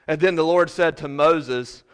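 A man preaching a sermon as pastor, swinging from shouted fervor to quiet earnest talk. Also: a little high, measured pace, clear, resonant tone. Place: church sanctuary. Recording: preached in a reverberant hall.

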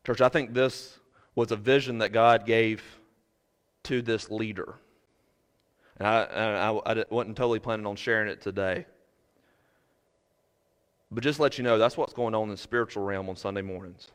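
A man preaching a sermon as pastor, swinging from shouted fervor to quiet earnest talk. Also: on the low side, fairly even intonation, normal speed, pauses often, clear, resonant tone. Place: church sanctuary. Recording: preached in a reverberant hall.

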